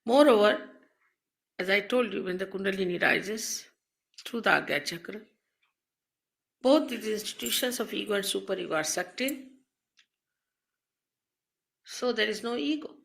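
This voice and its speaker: A woman speaks as a spiritual teacher, lecturing slowly and deliberately into a microphone. Her voice is gravelly with fry, yet bright and forceful in tone. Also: mid-range voice. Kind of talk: recorded spiritual talk. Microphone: on a mic.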